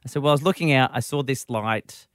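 A man's voice: medium pitch, fast, no echo, clean studio sound. A man hosting a radio show, telling rambling stories in casual chat. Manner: animated rambling storyteller. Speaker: radio host.

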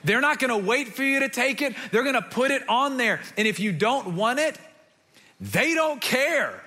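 Bright high-voiced man preaching. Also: moderate pace. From United States. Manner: animated storytelling, acts out quoted voices. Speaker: pastor. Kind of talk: sermon.

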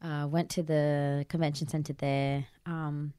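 An Australian woman with a low, deep speaking voice tells a personal story as a podcast guest, chatty and lively, with plenty of "um"s and quick laughs. The sound is close and dry, with almost no room around her. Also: clean tone, no room sound. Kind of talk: casual storytelling interview.

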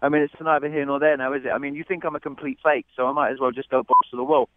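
A man's voice: mid-range voice, steady tone, rapid-fire. A man with a London accent, calling in to a radio show and insisting he is genuine, exasperated and defensive. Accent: London English. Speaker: caller. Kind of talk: phone call on a radio show. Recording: muffled phone line with faint noise.

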